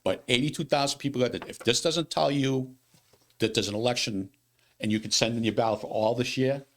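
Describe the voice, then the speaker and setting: Brief: man, elections official, rapid gravelly delivery, animated, repeats himself, studio interview. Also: mid-range voice. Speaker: city elections director. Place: local TV studio.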